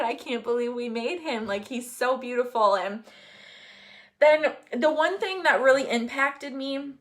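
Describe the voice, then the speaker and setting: A woman's voice: on the high side, a bit bright. Chatty young woman telling a story. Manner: candid, chatty storytelling with many fillers; gets emotional, laughing and crying. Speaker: vlogger. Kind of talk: casual chat.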